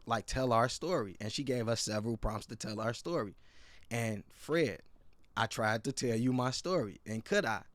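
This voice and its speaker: A man's voice: medium pitch, no room sound. Earnest slang-heavy man, dry sound. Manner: earnest, emphatic, peppered with slang like "bro". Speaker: podcast host and restorative practitioner. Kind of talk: casual podcast chat.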